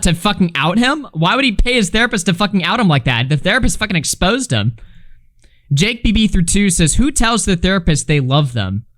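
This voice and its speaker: A man live-streaming a casual reaction, swearing freely, laughing and reading chat messages aloud. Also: high-pitched. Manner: loose, profane, laughing, reads chat aloud.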